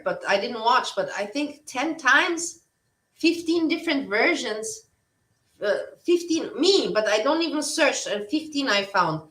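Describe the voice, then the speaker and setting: A woman's voice: on the high side, pushed and bright, recorded from a distance. Blunt rambling woman streamer, roomy sound. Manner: blunt, rambling, swears freely. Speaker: livestream host. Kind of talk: casual livestream chat.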